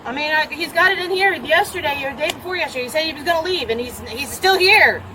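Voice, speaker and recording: A woman outdoors giving an agitated, repetitive, profane account of a domestic dispute to a deputy. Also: high-pitched. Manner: agitated, repetitive, profane, rushing over interruptions. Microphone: officer's body camera. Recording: body camera audio with outdoor noise.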